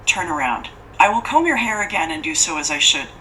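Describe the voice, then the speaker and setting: Cold formal lady, read by a woman narrator, low and bright, recorded far from the mic. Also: sing-song, full character voice. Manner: formal, stiff, unhurried speech. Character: cold, imperious lady keeping a child to fatten up. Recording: distant mic with faint hiss.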